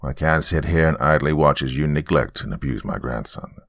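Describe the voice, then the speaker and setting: A man's voice: brisk, no echo, studio quality. A man voicing a stern older grandfather who speaks bluntly and moodily. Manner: low, blunt and moody.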